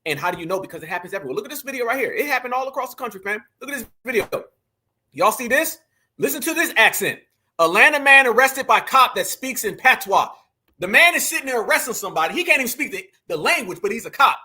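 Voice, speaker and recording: A man hosts a commentary show, reacting to video clips and speaking emphatically right to his viewers, whom he calls family, often repeating phrases. His voice is very high-pitched and sing-song, with a sharp, slightly rough tone, and he talks fast.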